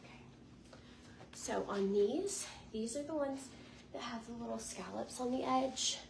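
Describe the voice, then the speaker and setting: A woman's voice: a little high, unhurried, gravelly, darkish tone. A woman in her forties chatting casually to camera as a lifestyle vlogger, bubbly and chatty with lots of likes and ums. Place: hotel room in Las Vegas. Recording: noticeable background noise.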